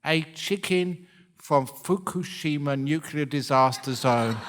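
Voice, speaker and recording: A man's voice: fairly high pitch, slow, a bit bright. A man who is a monk giving a humorous dharma talk, joking and often laughing at his own stories.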